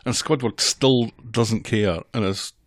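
A man's voice: lowish voice, slow pace, dry recording, studio quality. A man co-hosting a casual podcast, wry and teasing, recapping a cartoon. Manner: wry, teasing, laughs often. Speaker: podcast co-host. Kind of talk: casual chat.

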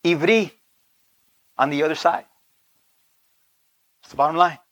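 A man preaching a sermon, telling a personal story in an animated way, laughing often and checking in with "right?". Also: fairly high pitch, a little slow, no echo, lo-fi sound.

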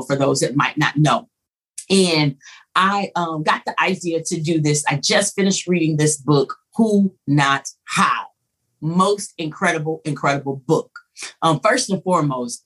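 A woman's voice: sits low, slightly rough, low-quality recording. A woman in her fifties hosting a motivational podcast, enthusiastic and repeating words for emphasis. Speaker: podcast host. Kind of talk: energetic motivational podcast talk.

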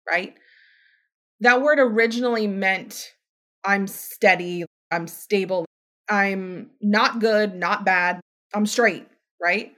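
A woman talks through a casual podcast monologue at a mid pitch. She is chatty and emphatic, and she leaps up in pitch whenever she acts out what other people say. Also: slow pace, bright, forceful tone. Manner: chatty, emphatic, acts out quoted voices with big pitch jumps. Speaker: podcast host; healthcare provider.

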